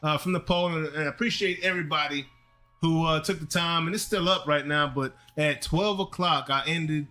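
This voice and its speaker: A man in his forties co-hosting a casual sports talk show, animated and repeating himself as he talks. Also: a little high, normal speed, faint music behind. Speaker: podcast co-host.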